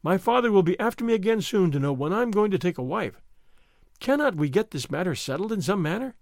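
A man's voice: high-pitched, big pitch swings, fast talker, darkish tone, dry recording, clean studio sound. A man doing a lazy drawling nobleman. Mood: languid. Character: languid idle young nobleman, averse to effort.

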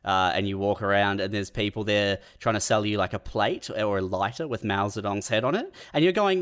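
A man's voice: on the low side, brisk, hardly any pauses, fairly bright tone, smooth. A man musing in casual podcast chat, riffing along playfully.

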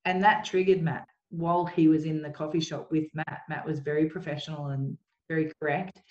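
A woman telling a painful personal story as an interview guest, in an earnest, halting way. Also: sits low, level tone, a little mellow, reverberant, highs cut off. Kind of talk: emotional personal account.

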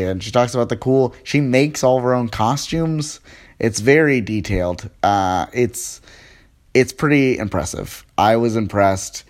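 A man hosting a podcast, rambling casually and joking at himself through the intro and sponsor reads, recorded on a phone. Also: fairly low pitch. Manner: rambling, self-mocking, lots of fillers. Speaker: podcast host.

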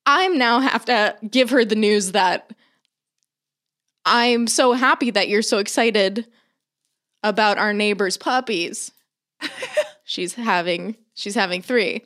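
A woman's voice: medium pitch, slow, long pauses. A young woman co-hosting a podcast. She tells a story in casual chat, acting out quotes and laughing often. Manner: animated storytelling with acted-out quotes and frequent laughs. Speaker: podcast co-host.

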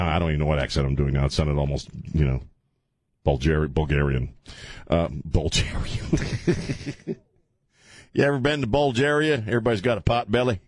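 A man's voice: sits low, no room sound, studio quality. A man hosting a talk radio show, rambling and joking with frequent laughs and filler stumbles. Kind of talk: casual talk radio monologue.

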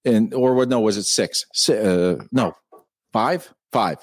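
A man's voice: fairly low pitch, unhurried, dry recording, studio quality. A man co-hosting a casual live-stream chat, ranting and swearing freely. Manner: profane, ranting. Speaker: co-host.

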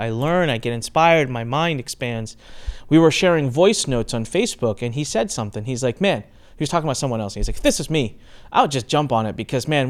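Animated man hosting a podcast. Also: on the high side. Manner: animated storyteller, acts out quoted voices. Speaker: podcast host. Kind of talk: casual interview intro.

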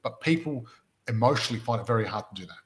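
A man's voice: mid-range voice, lively intonation, very fast. An Australian man hosting a property-investment podcast, chatting casually and making his points through stories and rhetorical questions.

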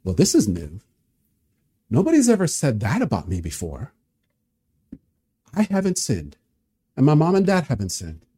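A man's voice: medium pitch, huge pitch swings, normal speed, long pauses, dark tone, slightly rough. A man voicing a blind beggar man. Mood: wondering. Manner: muttering inner thoughts, wry.

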